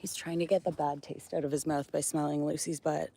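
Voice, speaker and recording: Woman on a farm teasing her animals, lowish mellow voice, faint hiss behind. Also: flat delivery, a little fast, creaky. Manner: teasing, dry humor, coaxing animals. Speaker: farm vlogger. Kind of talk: casual chat to farm animals. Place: outdoors on a farm.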